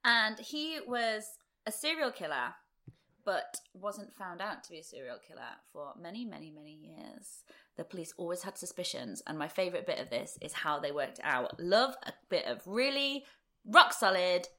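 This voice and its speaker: A young woman hosting a true-crime podcast, chatting fast and laughing often. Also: lowish voice, sing-song, bright, forceful tone. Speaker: podcast host.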